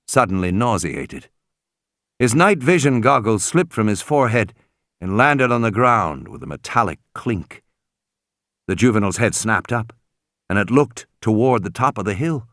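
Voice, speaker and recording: Guy reading an audiobook, super animated delivery, dry close mic. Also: on the low side, dry recording. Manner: dramatic, expressive reading. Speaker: audiobook narrator. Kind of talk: scripted narration.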